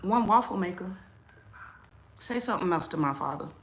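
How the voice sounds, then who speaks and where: A woman hosting a casual livestream, telling a story. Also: moderate pace. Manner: animated, rising loud and high when riled. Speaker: livestream host.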